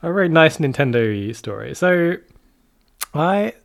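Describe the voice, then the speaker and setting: Male co-host, light higher voice, laughs through his lines. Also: very animated, a little slow, gravelly. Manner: giggly, hesitant with fillers. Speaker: podcast co-host reading news. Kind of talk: casual chat.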